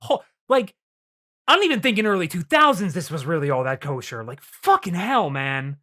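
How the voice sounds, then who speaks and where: A man co-hosting a casual podcast, animated and laughing, swearing freely as he recaps an episode. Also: a little high, brisk. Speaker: podcast co-host.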